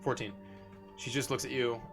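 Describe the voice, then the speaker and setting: A man narrating as game master of a tabletop game, halting with many fillers. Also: mid-range voice, level tone, creaky. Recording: background music.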